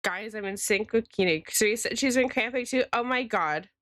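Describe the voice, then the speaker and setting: A woman's voice: on the high side, normal speed, a bit bright, no echo, clean studio sound. A woman streamer and illustrator chatting casually with her live viewers, rambling and greeting them by name.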